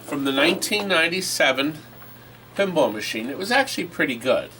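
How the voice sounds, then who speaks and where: A man's voice: on the high side, sing-song, brisk, bright, forceful tone, slight background noise, rough recording. A man hosting a live online auction stream, joking while describing items up close.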